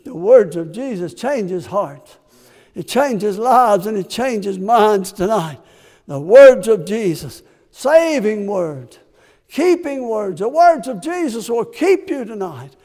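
A man's voice: high voice, big pitch swings, takes it slowly, darkish tone. A man preaching a sermon with passion, asking his congregation rhetorical questions. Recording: long hall reverb.

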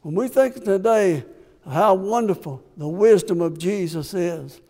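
A man's voice: high-pitched, measured pace, mellow. A man preaching a sermon with passion, asking his congregation rhetorical questions. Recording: long hall reverb.

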